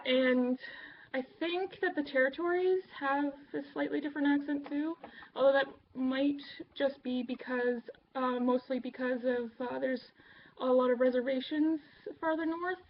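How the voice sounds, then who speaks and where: A woman's voice: sits high, lo-fi sound, a little hiss or hum. A Canadian woman with a Canadian accent chatting casually to camera, rambling with lots of ums and uhs. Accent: Canadian English. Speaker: vlogger.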